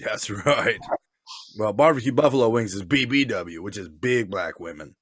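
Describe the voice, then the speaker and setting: A man's voice: fairly low pitch, normal speed. A man co-hosting a casual, boozy podcast chat, crude and laughing, who slips into goofy voices when he quotes people. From Nebraska, US. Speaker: podcast co-host. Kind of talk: casual drunk banter.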